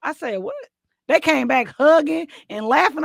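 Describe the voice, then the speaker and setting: A woman co-hosting a podcast, telling animated stories and acting out what people said, often laughing. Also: sits high, normal speed, gravelly, dry recording, studio quality. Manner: animated, laughing storyteller, acts out quotes. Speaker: podcast co-host. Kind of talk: casual storytelling chat.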